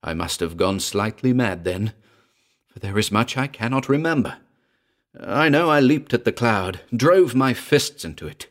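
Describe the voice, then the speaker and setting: A man narrating a first-person horror story in a slow, grave, measured delivery. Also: mid-range voice, animated. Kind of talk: dramatic horror story reading.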